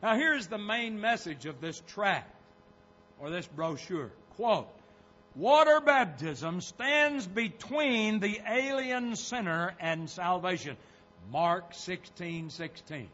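A pastor preaches in a high, bright voice, taking his time over each point. His delivery turns emphatic and rises on the scripture he quotes. The recording has a dull, lo-fi sound. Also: lively intonation, slow pace, a little hiss or hum. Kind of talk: sermon.

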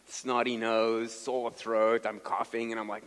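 A man preaching a sermon, telling stories with an animated delivery and sudden bursts of volume. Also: lowish voice, measured pace, big-room sound. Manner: animated storyteller with dramatic volume swings. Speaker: pastor.

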